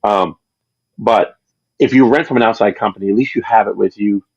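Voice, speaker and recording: A man's voice: fairly low pitch, fairly quick, a little mellow, slightly rough, no room sound, lo-fi sound. A man being interviewed about his channel, chatting casually on a livestream and telling long, rambling stories with many restarts. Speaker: channel creator, interview guest.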